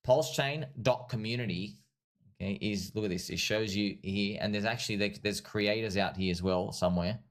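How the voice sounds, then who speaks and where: Excitable man streaming crypto chart talk. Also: fairly low pitch, a little fast. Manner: excitable and repetitive, keeps calling the audience friends; laughs at his own points. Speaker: livestream host and crypto trader. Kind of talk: casual livestream chart commentary.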